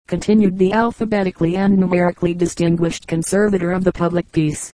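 A woman reading a classic novel aloud as an audiobook narrator, in a steady, even reading voice. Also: fairly low pitch, fast, few pauses, no room sound, low-quality recording. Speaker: audiobook reader. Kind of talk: scripted narration.

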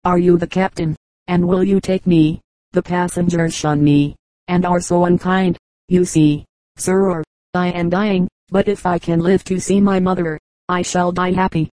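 A woman's voice: lowish voice, level tone, unhurried, dark tone, no echo, close to an everyday voice, poor audio. A woman reading the part of a weak, dying young printer who pleads to be taken aboard, in a storybook reading. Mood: pleading.

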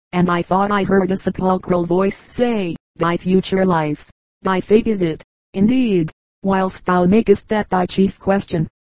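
A woman reading an audiobook in a measured, even narration. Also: medium pitch, no room sound, poor audio. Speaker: audiobook reader. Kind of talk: scripted narration.

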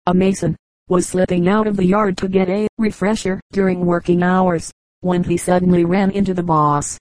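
Woman, audiobook reader, humorous anecdotes, mellow warm tone, dry close sound. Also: lowish voice, flat delivery, moderate pace, dry recording, poor audio. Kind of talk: reading humorous anecdotes aloud.

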